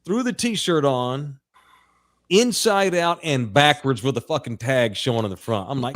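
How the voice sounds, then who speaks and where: A man's voice: mid-range voice, lively intonation, normal speed. A man in his forties, a podcast co-host, telling a long crude anecdote in a casual, rambling way with plenty of profanity. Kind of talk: casual sports podcast storytelling.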